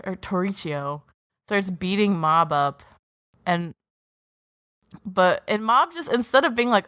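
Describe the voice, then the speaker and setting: A woman's voice: fairly low pitch, lively intonation, a little slow, pauses often, sharp tone, clean tone, no echo, studio quality. A woman co-hosting an anime podcast, recapping episodes in a sarcastic, swearing, casual way and acting out characters' lines. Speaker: podcast co-host.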